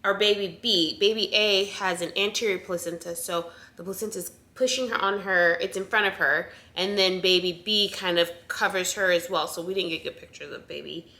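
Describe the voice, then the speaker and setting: A young woman talks casually straight to her camera, filling pauses with ums and restarting sentences as she goes. Her voice is bright and forward, with a slightly breathless edge. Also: on the low side. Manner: chatty, with frequent ums and restarts. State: a little out of breath. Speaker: vlogger sharing pregnancy updates.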